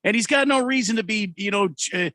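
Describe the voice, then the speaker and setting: A man co-hosting a sports radio show, giving opinions in a halting, casual way. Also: high voice, sharp tone, dry recording, clean studio sound. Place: radio studio.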